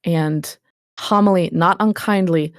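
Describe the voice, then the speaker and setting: Sex: woman. Role: game master. Style: descriptive tabletop narration. Pitch: lowish. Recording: dry and close. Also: steady tone, measured pace, no room sound. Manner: vivid descriptive narration, calling for dice checks.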